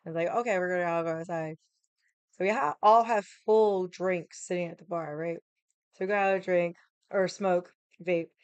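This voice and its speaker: Woman, low-pitched, smooth voice, blunt profane storytelling. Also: fairly even intonation, moderate pace, dry recording. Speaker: vlogger. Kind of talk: casual storytelling. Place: home room with the AC running.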